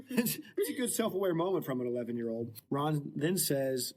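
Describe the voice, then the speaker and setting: A man's voice: on the high side, sing-song, darkish tone. Playful man retelling a story. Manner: playful, retells the plot with quick joking voices. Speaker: podcast host. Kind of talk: casual book-discussion podcast.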